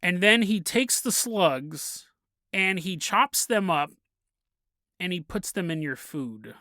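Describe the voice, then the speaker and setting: A man's voice: high voice, expressive, slow, sharp tone, dry recording, studio quality. A man hosting a podcast, telling a story casually, often laughing and acting out the people in it. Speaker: podcast host.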